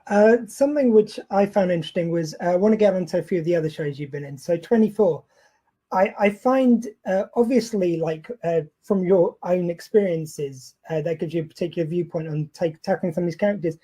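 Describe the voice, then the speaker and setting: A podcast host asking interview questions, hesitant and full of fillers. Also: male voice, high voice, a little fast, dark tone.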